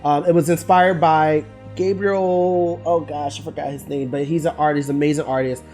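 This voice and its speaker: A man of thirty chats on camera about his artwork in a fairly high, light voice, candid and a little emotional, often trailing off and restarting his sentences. Faint music plays softly underneath. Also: flat delivery, normal speed. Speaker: artist reviewing his own work. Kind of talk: casual talking-head vlog.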